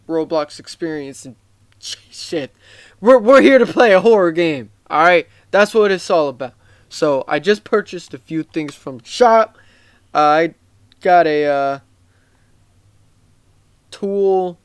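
Excitable, high-voiced male gamer. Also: clean tone, no room sound. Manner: rambling, excitable, swears often. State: tired. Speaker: gaming YouTuber. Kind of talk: casual gameplay commentary.

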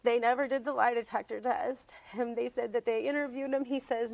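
A woman's voice: on the high side, steady tone, moderate pace, vocal fry, a little mellow, low-quality recording. A woman appearing as a guest on a talk show, telling her story emotionally and rambling, repeating herself.

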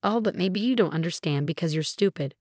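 An arrogant younger sister taunts her sibling in a storybook reading, done by a woman narrator. The voice sits low and close, with no room sound, and every line is delivered with smug mockery. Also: animated, a little fast, darkish tone, dry recording.

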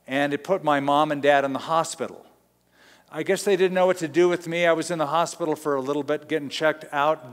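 A middle-aged man from Southern California preaches in a relaxed, conversational way, slipping into little acted-out quotes as he tells stories. His voice sits slightly high for a man. It rings out with the long reverb of a large church hall. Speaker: pastor. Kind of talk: sermon.

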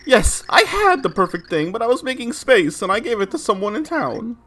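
A fussy, flustered character from a game who regrets giving away an item, read aloud by a streamer. The voice swings wildly up and down in pitch, full of exasperation. It sounds like a quick, half-acted dialogue reading. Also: big pitch swings, fairly bright tone. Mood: exasperated.

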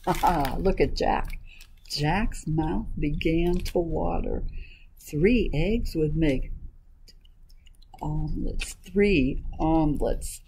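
A woman children's librarian reading a picture book aloud to young listeners. She speaks very slowly and animatedly, pausing to ask questions. Her tone is mellow, and faint noise sits behind her. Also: sits low, low-quality recording.

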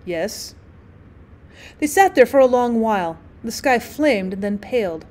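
A woman's voice: fairly high pitch, lively intonation, normal speed, a little mellow. A young woman reading a classic short story aloud as a teacher, voicing the dialogue expressively.

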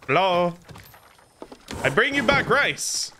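A man's voice: on the high side, big pitch swings, normal speed, sharp tone, a little hiss or hum. A man livestreaming a game, chatting casually and jokingly and greeting viewers by name. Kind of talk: casual gameplay commentary.

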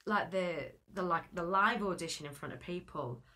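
A woman's voice: lowish voice, moderate pace, bright, forceful tone. A woman in her thirties, a guest actress in a casual interview, chatty and laughing as she acts out quotes.

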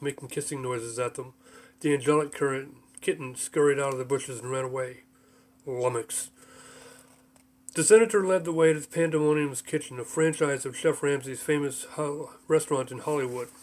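A man reading his own comic novel aloud as an audiobook, in a light, storytelling manner. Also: mid-range voice. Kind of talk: audiobook narration.

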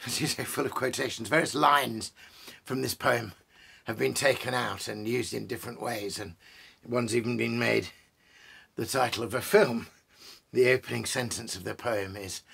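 Guy rambling about a poem, lots of ums and restarts, rough gravelly voice. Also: medium pitch, fairly bright tone. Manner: rambling, digressive, many fillers and restarts. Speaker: poet and host. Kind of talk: casual spoken talk on poetry. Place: indoors, at home among bookshelves.

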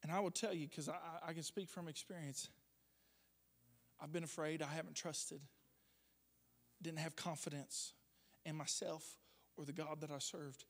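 A man preaching a sermon as pastor, impassioned, dropping to hushed tones and rising to loud declarations. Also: on the high side, steady tone, moderate pace, long pauses. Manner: impassioned, shifts between hushed and loud delivery.

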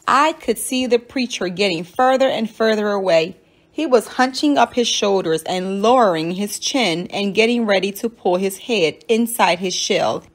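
A teacher reading a children's novel aloud in a steady, clear storytelling manner. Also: female voice, medium pitch, normal speed.

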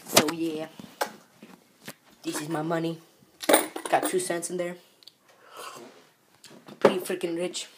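A woman chatting in a casual selfie vlog from her bedroom, excitable and often dropping into hushed whispered asides, recorded on a phone held at arm's length. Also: deep voice, takes it slowly, pauses often, very noisy. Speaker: vlogger. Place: bedroom at home.

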